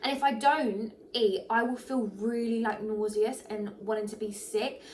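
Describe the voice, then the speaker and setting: A young pregnant woman, chatting casually to camera, animated and full of fillers, a little short of breath. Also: fairly high pitch, moderate pace, far from the mic, slight background noise. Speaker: vlogger.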